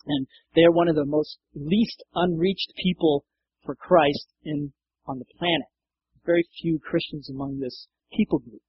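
A man's voice: on the high side, steady tone, normal speed, slightly rough, muffled recording. A man preaching a sermon in a conversational way, acting out quoted lines and laughing now and then. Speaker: pastor.

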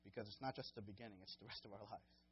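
A man's voice: fairly low pitch, fairly even intonation, quick pace, highs cut off, a little hiss or hum. A man preaching a sermon as a pastor, earnest and conversational, growing impassioned when he quotes and pleads.

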